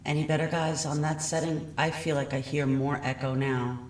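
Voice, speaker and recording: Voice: medium pitch, little pitch movement, moderate pace. A true crime channel host in casual livestream chat, friendly and apologetic, often checking whether the audio sounds right. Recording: echoey room audio, distant mic, faint noise.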